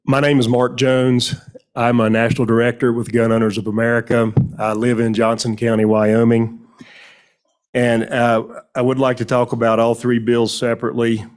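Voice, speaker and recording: Male witness at a legislative hearing; steady, deliberate delivery with firm emphasis. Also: medium pitch. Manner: measured, emphatic, with stressed key words. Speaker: witness testifying to a legislative committee. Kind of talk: formal public testimony.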